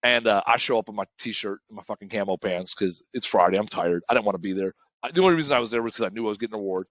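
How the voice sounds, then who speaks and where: A blunt, foul-mouthed man co-hosts a podcast in fast, casual chat. He rattles through stories on a close, dry podcast mic and keeps restating his point. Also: on the low side, a bit bright, dry recording. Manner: blunt, profane, storytelling, repeats himself. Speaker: podcast co-host, demolition company owner.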